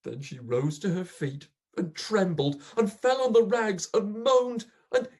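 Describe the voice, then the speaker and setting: Someone reciting as a husky, grieving old pauper man. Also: medium pitch, a little slow, natural voice. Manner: melodramatic, swinging from hushed to loud. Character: grief-stricken old male pauper, bitter and accusing. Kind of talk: dramatic poetry recitation.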